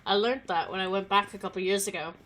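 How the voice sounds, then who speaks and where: A woman's voice: mid-range voice, steady tone, quick pace, a bit bright. A woman in her thirties from Canada with an accent blending Canadian and British, chatting casually with viewers while streaming a game. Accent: Canadian mixed with British. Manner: chatty, rambling, laughs often. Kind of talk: casual gameplay chat with viewers.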